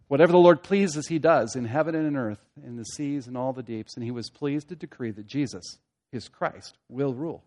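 A man preaching an expository sermon, swinging from loud emphatic peaks to hushed low asides, using rhetorical questions and repeated phrases for emphasis. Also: moderate pace.

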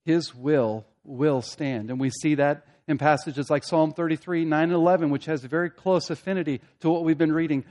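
Man, preacher, sermon, higher voice, loud emphatic peaks, hushed asides, rhetorical questions. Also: moderate pace, hardly any pauses. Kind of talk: expository sermon.

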